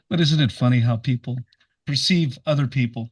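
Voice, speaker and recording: A man's voice: medium pitch, fairly quick. An American man hosting a music podcast, chatting in a rambling, enthusiastic way. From United States. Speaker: podcast host. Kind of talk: casual interview chat.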